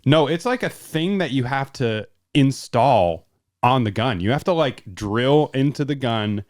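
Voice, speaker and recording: A man's voice: medium pitch, animated, measured pace, darkish tone, dry recording, clean studio sound. A man co-hosting a podcast, in casual political chat with chuckling asides. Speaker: podcast co-host.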